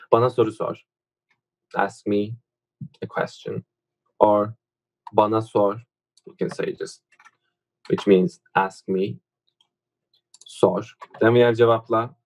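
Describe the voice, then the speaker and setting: A young man whose first language is Turkish, teaching verbs in a casual online lesson, full of fillers and quick to correct his own slips. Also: lowish voice, a little mellow, rough recording. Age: young adult.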